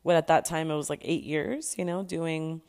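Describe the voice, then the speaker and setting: A woman's voice: sits low, steady tone, normal speed, a little mellow. A young adult woman hosting a podcast, telling her personal story candidly, swearing freely and stressing points through repetition. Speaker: podcast host.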